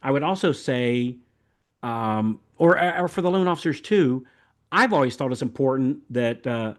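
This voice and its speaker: An older Southern American man hosts a podcast in casual, folksy chat, rambling along and often repeating words. His voice is medium-pitched with lively intonation, and he talks at a normal speed.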